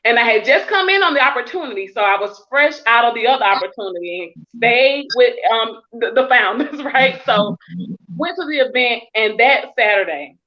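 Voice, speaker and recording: Woman, effusive animated storyteller, slightly high voice, muffled lo-fi sound. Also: normal speed. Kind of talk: casual heartfelt chat. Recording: muffled lo-fi audio.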